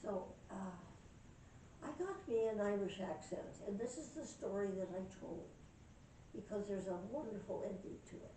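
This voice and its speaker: Older woman in an echoey room. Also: mid-range voice. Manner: warm reminiscing, emotional, chatty. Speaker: storyteller. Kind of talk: personal storytelling to camera. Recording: echoey room, distant mic, faint noise.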